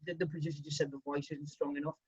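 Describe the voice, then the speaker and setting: A man's voice: a little high, rapid-fire, breathy edge, highs cut off. A man, a comedian and impressionist, telling stories in a casual podcast chat. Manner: chatty, animated storytelling.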